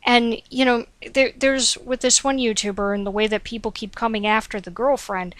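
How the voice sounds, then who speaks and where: A woman's voice: on the high side, fairly even intonation, normal speed, dry recording. A woman giving rambling, digressive commentary while playing a game at home, talking to her cat now and then into a desk microphone. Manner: chatty, digressive, frequent "like" and "um"; talks to her cat between game remarks. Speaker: gaming commentator. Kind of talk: rambling let's-play commentary.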